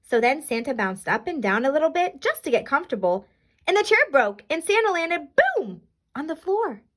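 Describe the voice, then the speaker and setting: A woman reading a children's storybook aloud in an expressive, animated way. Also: high-pitched, a little fast.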